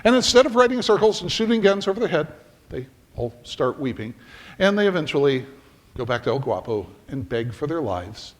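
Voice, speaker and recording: Middle-aged guy preaching, tells stories super animated, voice bouncing all over, big echoey church hall. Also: fairly high pitch, a little fast. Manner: animated storyteller, acting out scenes. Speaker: pastor. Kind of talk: storytelling sermon. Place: church sanctuary.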